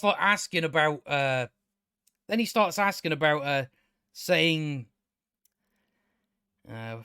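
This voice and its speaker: Man, high-pitched, dry close sound; rambling casual reviewer, incredulous and exasperated. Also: pushed and bright, clean tone, no echo. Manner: exasperated, incredulous, full of fillers and restarts. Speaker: TV show reviewer.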